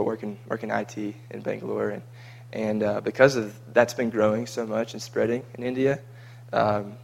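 A man's voice: fairly low pitch, creaky, darkish tone. A man chatting casually about a trip, rambling and repeating his words as he goes. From United States. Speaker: vlogger recounting a mission trip. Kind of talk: casual chat.

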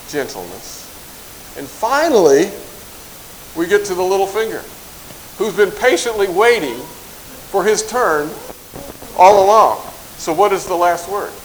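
Guy with a slightly high voice teaching a bible verse to a group, jokey, slow when he recites, faint hiss. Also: low-quality recording. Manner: light-hearted, jokes and chuckles; slow, drawn-out recitation of lists. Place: in front of a group in a room.

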